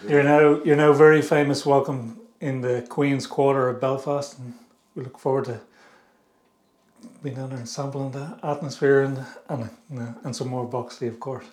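A man hosts a relaxed chat with a guest. His voice sits at a medium pitch and sounds appreciative. The recording has noticeable room echo. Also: normal speed. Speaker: show host. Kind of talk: casual interview chat. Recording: echoey room.

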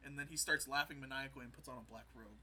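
A man with a very bright, sharp voice talks through an episode recap in a loose, rambling way. He jumps into quoted lines as he goes, keeping it casual, at a middling pitch. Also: steady tone, very fast, rough recording. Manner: rambling storytelling, acts out quotes. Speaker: podcast co-host.

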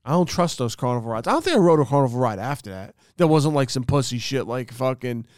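A man's voice: mid-range voice, fast, no echo, studio quality. A young man, telling a rambling, swear-filled story on a casual podcast. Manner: rambling storyteller, heavy swearing, animated impressions. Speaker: podcast co-host. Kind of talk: casual chat.

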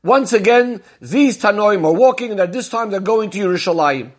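A man's voice: high-pitched, expressive, normal speed. A man teaching as a Torah teacher, explaining a Talmudic discourse in a methodical way, posing questions and then answering them, and retelling stories step by step.

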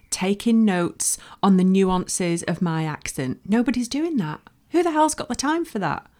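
A woman's voice: mid-range voice, a little mellow. Encouraging Northern English woman podcaster. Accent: Northern English (Lancashire). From Bolton, northwest England. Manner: frank, encouraging, emphatic. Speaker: podcast host. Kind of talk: solo podcast advice talk.

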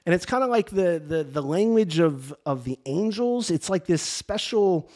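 A middle-aged man, a priest, telling a personal faith story in casual, animated talk with many restarts and fillers. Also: high voice, normal speed. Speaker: priest and podcast host. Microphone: camera and mic for video podcast.

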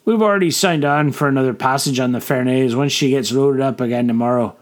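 A man voicing a blunt, wiry male sailor who talks in rough dockside slang. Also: mid-range voice, a little fast, lightly acted.

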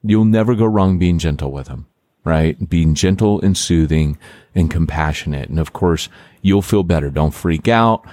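A deep-voiced man chats on a podcast, animated and loose, peppering his talk with "like" and restarting his sentences. The sound is close and dry, with no room around it. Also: moderate pace, no echo. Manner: animated, filler-heavy, lots of "like" and restarts. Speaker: podcast host and church planter. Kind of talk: casual podcast chat.

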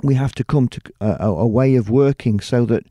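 A man's voice: medium pitch, fairly quick, dark tone, no room sound, clean studio sound. A middle-aged man from the United Kingdom, a TV presenter talking casually in an interview, rambling with many restarts and "you know"s. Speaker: TV presenter and producer.

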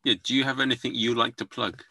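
A man's voice: mid-range voice, flat delivery, fast talker, creaky, bright, forceful tone, slightly rough, no echo. A man hosting a podcast, chatting casually and signing off with cheeky jokes. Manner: cheeky, jokey sign-off, plain-spoken. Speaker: podcast host.

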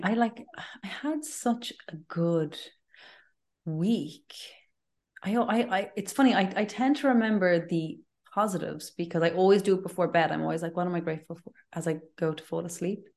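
A woman's voice: fairly low pitch, animated, normal speed, a little mellow. A woman, telling candid personal stories in a casual chat as co-host, with lots of fillers and restarts. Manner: candid, chatty storyteller with many fillers and restarts. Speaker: podcast co-host.

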